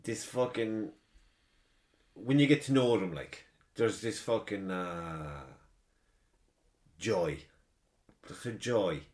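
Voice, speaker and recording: A man's voice: on the low side, takes it slowly, pauses often, darkish tone. An Irish man hosting a podcast, telling rambling, profane stories in a casual chat. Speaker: podcast host.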